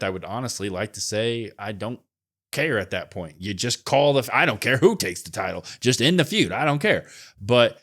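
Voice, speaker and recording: A man's voice: mid-range voice, a bit bright. A man co-hosting a podcast, casually giving his opinions and thinking aloud with frequent hedges. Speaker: podcast co-host. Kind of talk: casual wrestling opinion chat.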